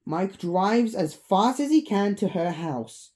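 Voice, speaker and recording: A woman retelling a spooky fan story in a relaxed, offhand way. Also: mid-range voice, slow pace, hardly any pauses. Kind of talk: casual storytelling.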